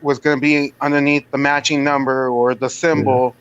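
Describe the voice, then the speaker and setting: A man speaks haltingly and sincerely, pausing often with fillers. His voice sits at a middle pitch, and the stream audio sounds dull and lo-fi. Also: little pitch movement, a bit bright, clear, resonant tone. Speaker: channel moderator. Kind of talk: casual memorial remarks on a live stream.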